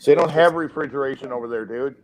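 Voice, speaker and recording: A man's voice: mid-range voice, quick pace, slight background noise. Guy ribbing his friends on a late night stream, cracks himself up. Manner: teasing, provoking, laughs at own jokes. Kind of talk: casual banter.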